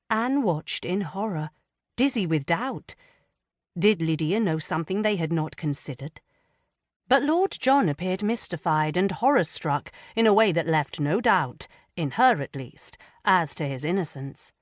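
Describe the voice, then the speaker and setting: A woman narrates a mystery novel in a calm, composed reading voice. Her voice sits on the low side and is recorded close and dry. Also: unhurried, no room sound. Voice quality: even, composed. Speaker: audiobook narrator. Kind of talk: scripted narration.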